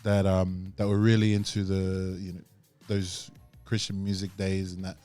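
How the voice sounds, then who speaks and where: Low-voiced man in easy podcast chat. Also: completely flat delivery, normal speed, dark tone, soft background music. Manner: rambling, laughing, full of fillers. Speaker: podcast host. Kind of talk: casual chat. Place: podcast studio.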